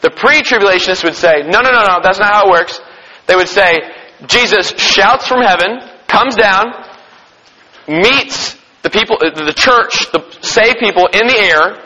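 Guy teaching a bible study, highish bright voice, bit husky, asks questions and answers them himself. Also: in a large hall, low-quality recording. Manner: reads scripture slowly and deliberately.

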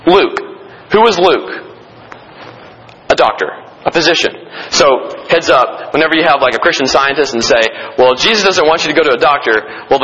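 A man's voice: on the high side, pushed and bright, slight background noise. A man preaching a sermon to a congregation, talking conversationally and emphatically as he teaches from the Bible. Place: meeting room or church. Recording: dull lo-fi sound with long hall reverb.

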